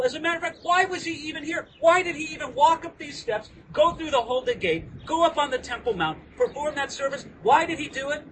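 A man preaching a sermon outdoors at a historic site, lively and animated, acting out the voices of the people in his story. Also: extremely high pitch. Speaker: pastor. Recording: distant mic with outdoor noise.

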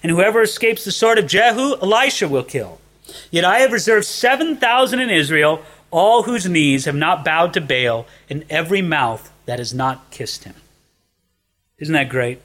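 A man preaching a sermon in a high, bright voice. He is earnest, dropping to a hush and then lifting into emphasis. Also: animated, normal speed. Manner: earnest, shifts between hushed and emphatic.

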